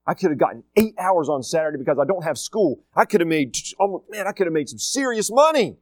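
A middle-aged man leading a school talks to students quickly in a fairly high, sing-song voice, casual and emphatic, repeating his key phrases and performing quotes. No echo is present.

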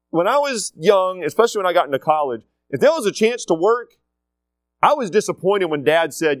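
A man's voice: high voice, big pitch swings, a little fast, dry recording. A middle-aged man gives a casual, emphatic talk to students, repeating his key points. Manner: emphatic, repeats key phrases, acts out quotes. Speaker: school leader addressing students.

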